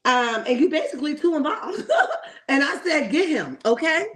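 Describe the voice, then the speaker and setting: A woman's voice: high voice, lively intonation, moderate pace, a bit bright. A woman hosting a casual reality TV commentary livestream, opinionated and chatty, greeting viewers in the chat and checking in with "okay?".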